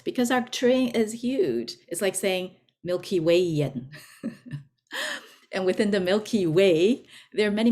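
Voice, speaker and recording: A woman giving an informal spiritual lesson, talking deliberately and repeating words for emphasis. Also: fairly low pitch, a little mellow. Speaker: spiritual teacher. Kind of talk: informal teaching talk.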